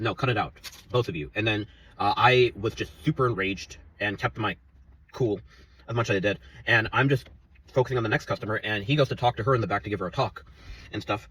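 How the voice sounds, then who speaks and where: A man's voice: mid-range voice, sharp tone, husky, distant mic, rough recording. A man in his twenties telling an angry, profane story about his workplace, rambling and heated. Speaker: vlogger.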